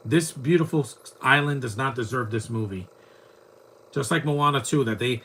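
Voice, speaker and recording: A man's voice: mid-range voice, normal speed, fairly bright tone, breathy edge. A man giving casual live commentary on a movie, rambling and mocking what he sees on screen. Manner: rambling, chatty, mocking the film.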